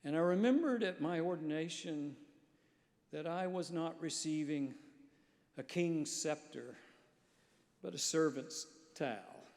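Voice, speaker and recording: Male pastor telling stories from the pulpit, gravelly, slightly high voice, big echoey church. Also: a little slow, long pauses, darkish tone. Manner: storytelling, earnest. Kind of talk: sermon. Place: large church sanctuary. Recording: long church reverb.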